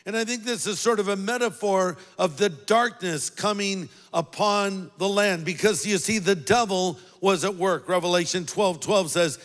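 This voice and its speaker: A man preaching a sermon as pastor, talking conversationally, dropping low for quoted words and rising for emphasis. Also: normal speed, few pauses, fairly bright tone, soft background music. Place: large church auditorium. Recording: long reverb of a large hall.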